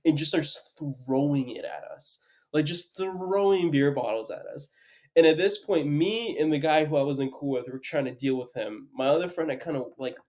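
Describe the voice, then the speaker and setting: A young man hosting a podcast tells a long story, rambling casually and saying "like" constantly. His voice is on the high side and darkish in tone, at a moderate pace.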